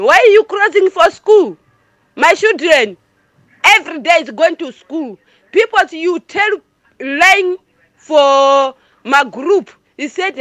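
A woman's voice: sits high, fairly bright tone, no room sound. Emphatic woman caller from Malawi. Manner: emphatic, repetitive, in broken English. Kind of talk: impassioned call-in speech.

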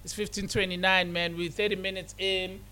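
A man's voice: high-pitched, level tone, a little fast, bright, forceful tone, clear, resonant tone. Preachy radio host man. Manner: preachy, repeats himself, mixes English with Setswana. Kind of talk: casual motivational radio talk.

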